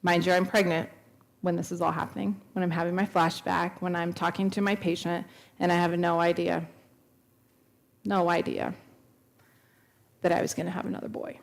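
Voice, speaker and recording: A woman's voice: on the low side, level tone, normal speed, gravelly, pauses often. A woman in her thirties telling a personal testimony at a church, earnest and storytelling, acting out the dialogue she quotes. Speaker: speaker at a church. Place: church sanctuary.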